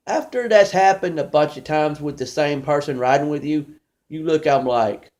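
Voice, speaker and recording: A man's voice: on the high side, moderate pace, a little mellow. A man doing a rambling, conversational stand-up comedy monologue, storytelling with many restarts.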